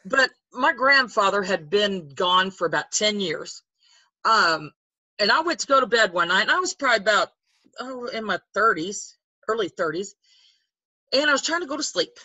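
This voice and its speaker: An older woman tells stories in a rambling, chatty way, restarting her sentences and acting out the voices of people she quotes. Her voice is bright and a little husky. She is recorded close to the microphone in a dry room. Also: medium pitch, normal speed, no room sound, poor audio. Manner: chatty, rambling with restarts, animated when quoting. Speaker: guest. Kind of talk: casual storytelling.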